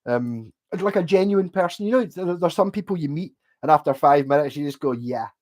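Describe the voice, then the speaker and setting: A man with a softened Glaswegian accent talks loosely to his stream audience, reacting to comments as they come in. He wanders from point to point, trips over his own restarts and drops casual swearing. His laughs slip in between his thoughts. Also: a little high, fairly quick. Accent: Glaswegian Scottish, softened. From Scotland. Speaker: livestreamer. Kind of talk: casual livestream chat, answering viewer comments.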